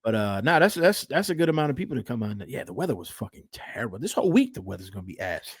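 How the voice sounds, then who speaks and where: A man's voice: medium pitch, very animated, fast, breathy edge, no echo. A man co-hosting a podcast, telling stories in loose, profane casual chat. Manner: profane, laid-back storyteller. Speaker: podcast co-host.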